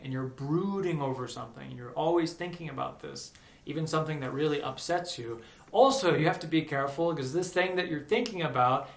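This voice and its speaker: An American man telling a personal story in a casual, animated way, acting out the voices of the people he quotes. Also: fairly high pitch. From United States. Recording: echoey room.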